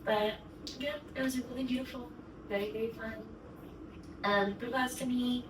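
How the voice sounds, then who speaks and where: A woman's voice: fairly high pitch, steady tone, normal speed. A young woman vlogger telling a story to camera in a gushing, chatty way, full of "like". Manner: gushing, chatty, heavy use of "like". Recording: echoey room, mic at a distance, background noise.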